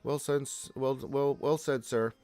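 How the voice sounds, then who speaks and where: A man's voice: medium pitch, fairly even intonation, measured pace, dark tone, clear, resonant tone, dry recording. A man hosting a gaming livestream, casually reading viewer messages aloud and answering them in a laid-back way. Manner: laid-back, reads chat aloud in a lifted voice. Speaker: livestream host reading chat.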